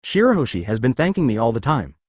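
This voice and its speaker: A man's voice: medium pitch, very animated, fast talker, darkish tone, husky, no echo. A man reading the lines of a kind, powerful young male pirate hero in a dry synthetic voice.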